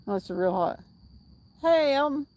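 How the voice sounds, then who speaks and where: A woman's voice: high voice, expressive, normal speed, a little mellow, rough recording. A woman hosting a casual fishing livestream outdoors at night, chatting and reading viewer comments aloud with frequent laughs. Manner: chatty, reads chat aloud, laughs often.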